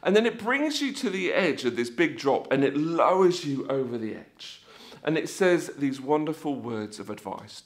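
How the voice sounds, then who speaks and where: A man giving an animated faith talk for families, telling stories and acting out scenes with sound effects. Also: high-pitched, moderate pace.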